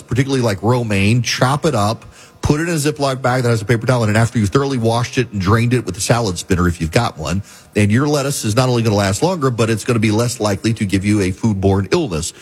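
Middle-aged male host, husky voice, wry emphatic monologue. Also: mid-range voice. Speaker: talk radio host. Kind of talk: talk show monologue.

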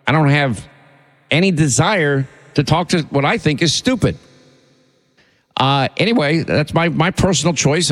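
Male talk radio host, indignant and rambling, average pitch, reverberant sound. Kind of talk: opinionated talk radio monologue.

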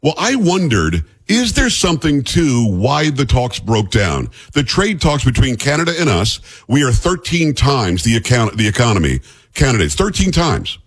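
A husky male radio host with a plain Midwestern broadcast accent, talking in a loose, jokey, opinionated way. His pitch swings widely as he riffs. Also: very animated, moderate pace. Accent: neutral Midwestern radio. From New York. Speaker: radio talk show host. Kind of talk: casual radio talk.

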